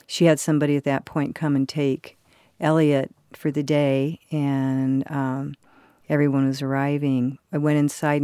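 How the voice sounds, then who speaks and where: A woman's voice: extremely low pitch, dark tone, clean tone, no echo, clean studio sound. An older woman telling a personal story in conversation, earnestly acting out the voices of the people in it. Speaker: interviewee recalling a personal story.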